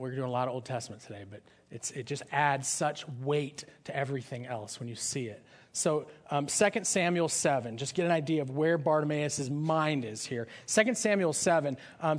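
A man preaching a sermon in a conversational style, often asking his listeners questions. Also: on the high side. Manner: conversational, asks the audience questions. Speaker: pastor.

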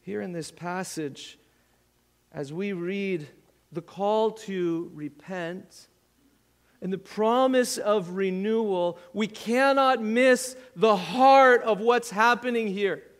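A man's voice: high-pitched, big-room sound. A man preaching a sermon as pastor, earnest and building to impassioned appeals, at times dropping almost to a whisper.

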